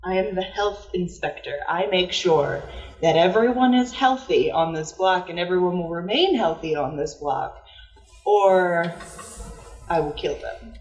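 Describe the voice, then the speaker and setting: A woman's voice: lowish voice, expressive, measured pace, a little mellow, roomy sound, poor audio. A woman voicing a stern, officious male cat who acts as a block's health inspector, in a tabletop game. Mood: menacing. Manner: officious, threatening, self-important.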